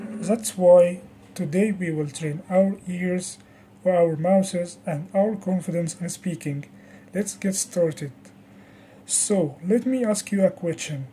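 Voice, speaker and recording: A teacher leads a pronunciation lesson in a very dark, mellow voice. The pace is slow and deliberate, with each example word spelled out carefully for learners to repeat. Faint room ambience sits underneath. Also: mid-range voice, a little hiss or hum, poor audio. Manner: slow, deliberate, over-articulates example words. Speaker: English teacher.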